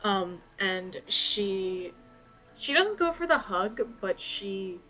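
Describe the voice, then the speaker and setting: A woman narrating as game master of a tabletop game, with frequent fillers and pauses. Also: mid-range voice, big pitch swings, bright, forceful tone, soft background music, low-quality recording. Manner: hesitant, many fillers.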